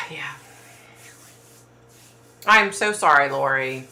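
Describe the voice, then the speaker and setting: A woman hosts a casual livestream from home, answering her viewers' chat. Her voice sits low but has a bright, forward edge. The sound is roomy and echoey, as if she's in a bare room. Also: animated, extremely slow. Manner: chatty and sympathetic, trailing off with fillers. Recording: roomy echo.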